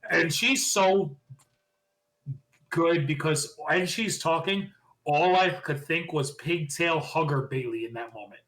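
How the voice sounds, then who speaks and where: A man co-hosting a podcast, casually recapping wrestling shows with animated opinions. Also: a little high, rough recording. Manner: animated, quick recapping with impressions of quotes. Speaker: podcast co-host.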